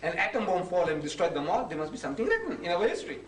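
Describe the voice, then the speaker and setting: A man's voice: high voice, very fast, a little hiss or hum. A man giving a storytelling public lecture, acting out dialogue as he goes. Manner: animated anecdotal storytelling with mimicked dialogue. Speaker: Islamic preacher and lecturer. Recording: roomy hall recording from far off.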